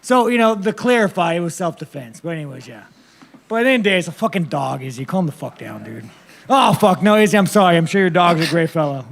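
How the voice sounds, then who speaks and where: A man's voice: high voice, lively intonation, fast, creaky. A man, a fighter at a press conference, answering questions in a blunt, profane, rambling way.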